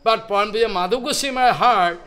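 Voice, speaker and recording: High-voiced man giving a devotional sermon. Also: fast talker, bright, forceful tone, clean tone. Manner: simple, repetitive non-native phrasing with many restarts. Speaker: spiritual teacher.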